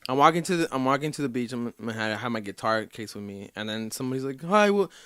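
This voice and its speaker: A man's voice: mid-range voice, fast, sharp tone, clean tone, dry recording, clean studio sound. A man chatting casually as a podcast guest, rambling loosely with lots of fillers.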